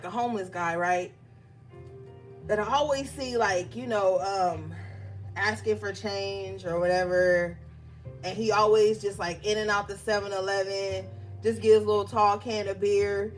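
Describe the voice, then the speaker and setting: A woman giving a casual, emphatic tarot reading, talking straight to her viewers. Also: mid-range voice. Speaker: tarot reader.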